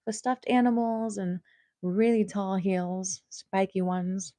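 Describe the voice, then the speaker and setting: A young woman hosting a casual home livestream, chatting playfully and drifting into soft murmurs, recorded on a small clip-on mic. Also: mid-range voice, fairly even intonation, slow, no room sound. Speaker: host.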